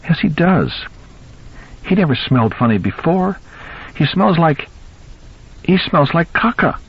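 A man's voice: mid-range voice, very animated, takes it slowly, breathy edge, lo-fi sound, pitched above the performer's own voice, exaggerated voice. A man voicing a young, upset little girl in an audiobook reading. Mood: distressed.

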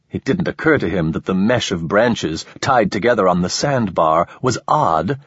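A man reading a novel aloud as an audiobook narrator, in a measured, even storytelling manner. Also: medium pitch, husky, dry recording, muffled recording. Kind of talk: scripted narration.

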